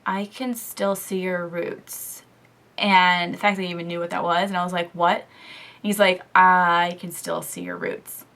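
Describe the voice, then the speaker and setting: A young woman casually telling a story in a beauty vlog, chatty and animated, full of "like" and "um", talking straight into a camera mic. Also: medium pitch. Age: young adult. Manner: chatty, lots of "like" and "um"; animated storytelling, quoting others. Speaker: beauty vlogger.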